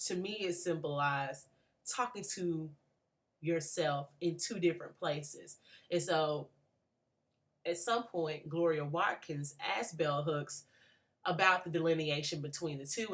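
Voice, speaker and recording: This late-twenties grad student has a deep, somewhat bright voice. Her spoken reflection on a book for class is thoughtful and earnest, broken up by frequent restarts.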